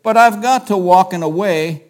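A man with a high voice preaches a sermon at normal speed, reading scripture verses aloud and explaining them with animation. He often repeats words as he restarts his sentences.

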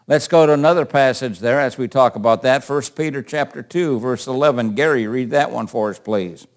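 A man's voice: mid-range voice, a little fast. An older man teaching a Bible class in a conversational way, asking questions and calling on readers.

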